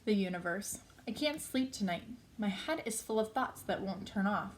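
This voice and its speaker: A woman at a middle pitch reads a novel aloud. Her delivery is plain and unpolished. She now and then stumbles over a word and corrects herself as she goes. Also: lively intonation, moderate pace, slight background noise. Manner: plain reading with small slips and self-corrections. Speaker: reader.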